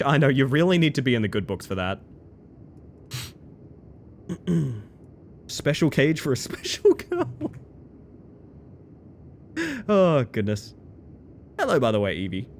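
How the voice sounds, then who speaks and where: A man, chatting excitedly as he streams a game live. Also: fairly high pitch, slight background noise. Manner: excitable, chatty, bursts into loud exclamations. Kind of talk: live gameplay commentary.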